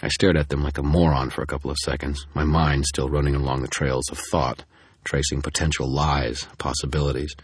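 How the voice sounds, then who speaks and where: A male narrator tells a first-person story in a steady, dry manner. His voice is extremely deep with a husky grain. The recording is dry and close to the mic. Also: a little fast, no room sound. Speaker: audiobook narrator.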